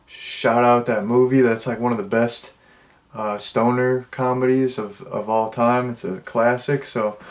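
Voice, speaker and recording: A young man giving a casual, rambling movie review in a dim room, full of "like" fillers and restarts. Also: medium pitch. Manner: rambling and laid-back, with many "like" fillers and restarts. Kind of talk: casual spoken film review. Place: dimly lit room indoors.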